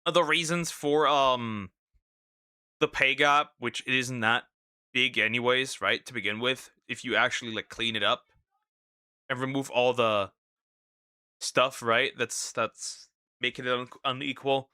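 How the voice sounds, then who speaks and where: This is a man with a very bright, sharp voice, talking over clips he reacts to. He stumbles, restarts and repeats himself often. The sound is close and dry. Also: medium pitch, fairly even intonation, unhurried, pauses often, clear, resonant tone, dry recording. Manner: hesitant, with many restarts and repeated words. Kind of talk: casual reaction commentary.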